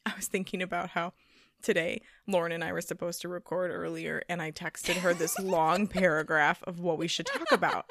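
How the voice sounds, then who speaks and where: A woman's voice: fairly low pitch, creaky, fairly bright tone, a little hiss or hum. Chatty young woman co-hosting a podcast. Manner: chatty and teasing, quick to react. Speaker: podcast co-host. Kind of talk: casual chat.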